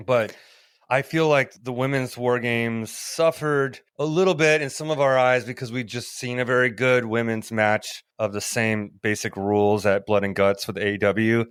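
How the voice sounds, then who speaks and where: Guy on a podcast, smooth clear voice, dry close sound, rambly swear-y storytelling. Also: mid-range voice, steady tone, moderate pace, fairly bright tone, no room sound. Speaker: podcast co-host. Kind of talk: casual chat.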